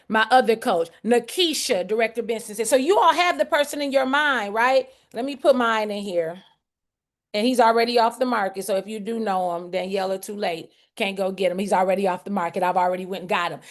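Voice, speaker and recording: A woman leading a group coaching video call, energetically calling on people by name and repeating key phrases for emphasis. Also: medium pitch. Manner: energetic, calls on participants by name, emphatic repetition.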